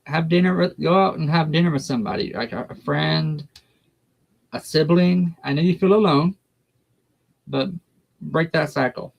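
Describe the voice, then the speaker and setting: A man's voice: on the high side, moderate pace, gravelly, pauses often. A man who reads tarot in a blunt, folksy, encouraging way. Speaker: guest tarot reader. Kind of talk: casual chat and tarot reading.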